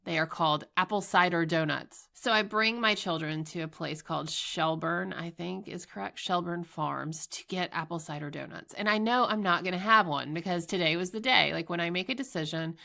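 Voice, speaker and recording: A woman's voice: fairly low pitch, normal speed, creaky, few pauses, pushed and bright. A woman in her forties hosting a casual solo podcast, sounding congested and nasal from allergies, talking candidly and mocking herself with frequent laughs and casual swearing. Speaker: podcast host.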